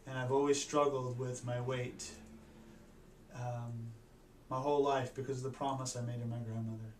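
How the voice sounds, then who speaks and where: A man tells a personal story in an earnest, halting way, often restarting his sentences. His voice sits at a middle pitch and is picked up from a distance in an echoey room, with a faint hum of ambience behind him. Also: little pitch movement. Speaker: doctor.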